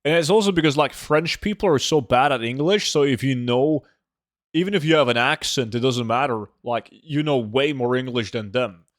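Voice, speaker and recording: A man's voice: medium pitch, normal speed, dry recording, clean studio sound. A man from Norway with a Norwegian accent, chatting casually and loosely as a gaming streamer host, swearing and rambling. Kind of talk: casual chat while gaming.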